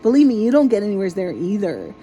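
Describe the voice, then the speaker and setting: Mellow-voiced woman ranting, exasperated. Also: mid-range voice, huge pitch swings, fast, slight background noise, rough recording. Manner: exasperated, swears freely. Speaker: vlogger. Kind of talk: casual ranting monologue.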